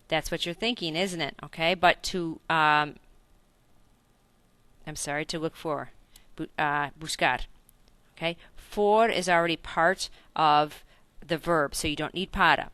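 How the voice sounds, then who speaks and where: A woman's voice: low voice, measured pace, fairly bright tone, smooth, no room sound. A woman teaching a recorded Spanish grammar lesson in English, explaining step by step, checking in with questions and correcting her own slips.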